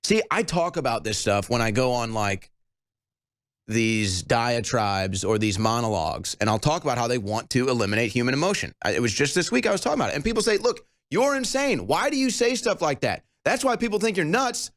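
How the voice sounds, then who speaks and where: Man, show host, ranting commentary, intense, sarcastic, indignant, lively swooping pitch. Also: a little fast. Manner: intense, voice climbing as he gets worked up. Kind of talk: ranting commentary on a video clip.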